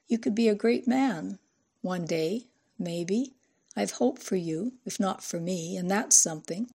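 A woman's voice: medium pitch, a little slow, vocal fry, warm tone, breathy edge. A woman voicing a grieving woman scientist, restrained, her voice breaking at times. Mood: wistful.

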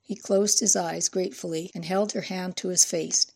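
A woman narrating an audiobook in a measured, even way. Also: lowish voice, vocal fry, slightly rough.

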